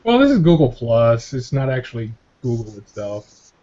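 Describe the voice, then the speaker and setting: A man's voice: medium pitch, sing-song, moderate pace, mellow, muffled recording. A man hosting a casual group video chat, rambling and laughing, often repeating his words. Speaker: host of a motovlogger hangout.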